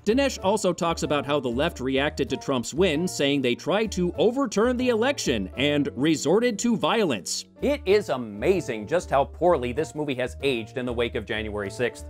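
A man's voice: on the high side, sing-song, normal speed, few pauses. Sarcastic man reviewing over faint music. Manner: sarcastic, exasperated, swears freely. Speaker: film reviewer. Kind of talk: sarcastic scripted commentary.

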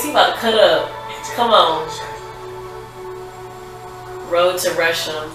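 Young woman, chatty reaction vlogger, excitable, very echoey room, sitting back from the mic. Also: fairly low pitch, slow pace, long pauses, distant mic. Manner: chatty, excitable, exclaims along with the video. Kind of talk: casual reaction chat. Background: music video playing.

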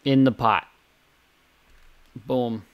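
A young man talks his way through a cooking game in slow, drawn-out bursts, swearing freely and muttering half-finished asides to himself. His voice sits at an ordinary middle pitch, with a faint hiss of noise underneath. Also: fairly even intonation, lo-fi sound. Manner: chaotic and sweary, muttering asides with sudden loud outbursts. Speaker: gameplay commentator. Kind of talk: casual gameplay commentary.

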